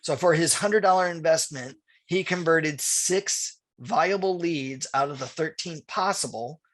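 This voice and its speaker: A man's voice: a little high, a little slow. A middle-aged man teaching real estate agents, telling a story with quoted dialogue and answering viewer questions. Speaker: real estate marketing trainer. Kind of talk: webinar presentation with anecdote and Q&A.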